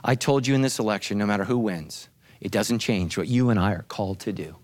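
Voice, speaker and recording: A man's voice: lowish voice, fairly quick, darkish tone. A male pastor preaching a sermon with dramatic, emphatic delivery.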